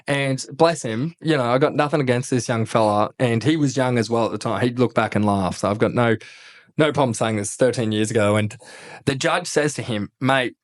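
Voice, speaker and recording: A man's voice: medium pitch, a little fast. Swearing Australian man telling army stories. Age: 30s. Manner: animated, laughing, swears a lot, acts out quotes. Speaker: podcast guest, former army captain. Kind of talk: casual storytelling interview.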